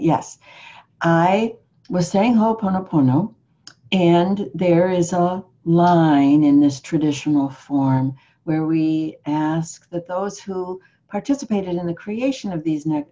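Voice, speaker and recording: A woman's voice: lowish voice, warm tone. A woman interviewer in a reflective spiritual conversation, telling her story earnestly and asking searching questions. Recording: slightly muffled lo-fi recording.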